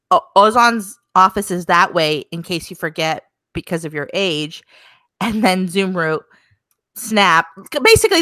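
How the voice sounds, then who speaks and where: A woman's voice: fairly low pitch, sharp tone, no echo. A young woman co-hosting a podcast, recapping a show in an easygoing, chatty way. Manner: easygoing, chatty narration with quoted lines. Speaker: podcast co-host. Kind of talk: casual recap chat.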